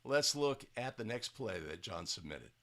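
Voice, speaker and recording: A man's voice: on the low side, sing-song, normal speed, fairly bright tone. A man acting as a basketball officiating instructor. He breaks down game footage in a casual teaching style, often tagging his points with "right?" and restarting his sentences.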